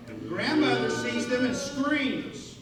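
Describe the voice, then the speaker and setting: A woman's voice: fairly high pitch, slow, heavy background noise. A woman narrating a comedy skit and directing the actors, with playful asides to the audience, heard from far off in a hall with a crowd. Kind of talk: reading a skit script aloud and directing actors. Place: large hall with a live audience.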